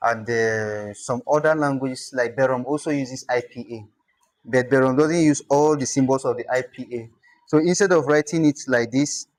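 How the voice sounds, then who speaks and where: A man with a Nigerian accent, a native Tyap speaker, gives a language lesson at an unhurried, slow pace. His voice sits at an ordinary middle pitch. He pauses often to repeat and demonstrate each sound. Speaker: language instructor.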